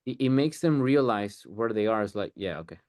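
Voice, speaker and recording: A man's voice: medium pitch, normal speed, a little mellow, no room sound, studio quality. A man coaching a sales group on a video call, blunt and emphatic.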